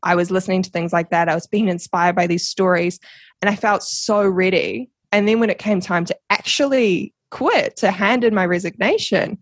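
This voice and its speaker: A young woman with a New Zealand accent, a podcast guest telling her story in a casual, animated way with frequent laughs. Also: mid-range voice, moderate pace, no room sound. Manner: animated, laughs often, acts out quoted voices.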